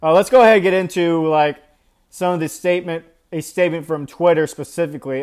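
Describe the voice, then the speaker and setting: A man's voice: on the high side, smooth. A man giving casual commentary on a news story in a rambling way, with plenty of fillers. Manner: rambling, filler-heavy delivery.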